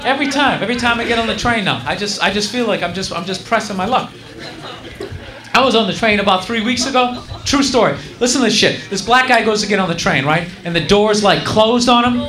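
Profane stand-up man, high-pitched. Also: fairly quick. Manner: profane, storytelling, animated. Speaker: stand-up comedian. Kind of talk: stand-up routine. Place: comedy club stage. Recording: echoey club with crowd laughter. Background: audience laughing.

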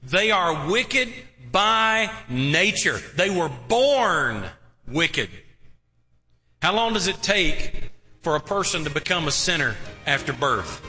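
A man preaching a sermon as pastor, slow and emphatic, drawing out key words. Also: a little high, sing-song, sharp tone, soft background music. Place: church sanctuary. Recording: long reverb in a large hall.

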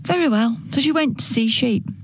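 A woman reading a children's story aloud in a gentle, expressive way. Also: a little high, moderate pace, husky, no room sound.

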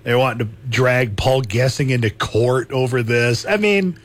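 A man's voice: medium pitch, a little slow. A man hosting a talk radio show, chatting casually, laughing easily and repeating himself.

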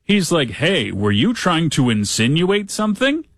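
A man hosting a talk show, reading a news story aloud with sarcastic asides and lively quoting. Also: on the high side, unhurried, dry recording. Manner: sarcastic, animated when quoting others. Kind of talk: casual commentary reading news.

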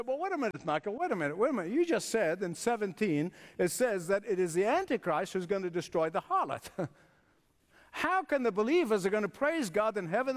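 A man's voice: high voice, big-room sound. A man preaching a sermon with emphatic repetition, chuckling, and inviting the congregation to respond. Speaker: pastor.

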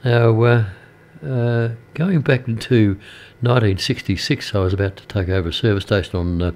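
An older Australian man presenting a community radio show, telling an anecdote in casual radio chat, rambling and hesitant with many pauses. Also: fairly low pitch, darkish tone. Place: radio studio.

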